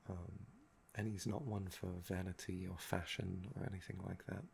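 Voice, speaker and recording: Young man with heavy gravelly fry, ASMR chat. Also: low voice, level tone, normal speed, darkish tone, slight background noise. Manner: meandering and musing, often trailing off with "um". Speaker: ASMR channel host. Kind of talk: soft-spoken ASMR chat.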